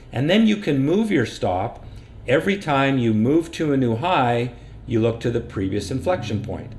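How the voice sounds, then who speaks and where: This screen-share market lesson comes from a man with a medium-pitched, darkish voice. He runs a channel teaching stock trading and walks through risk and stop losses plainly and practically.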